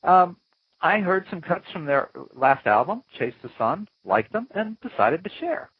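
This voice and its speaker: Animated, husky-voiced male podcast host. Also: sits high, a little slow, no room sound, narrow, tinny audio. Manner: playful, animated, mock-dramatic asides. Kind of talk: chatty interview-show host intro. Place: small home studio, Florida.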